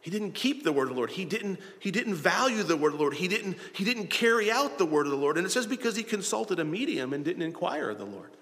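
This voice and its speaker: Male pastor preaching, somewhat high and very animated delivery, long church-hall reverb. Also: quick pace, few pauses. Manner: preaching with rhetorical questions to the congregation. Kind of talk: sermon.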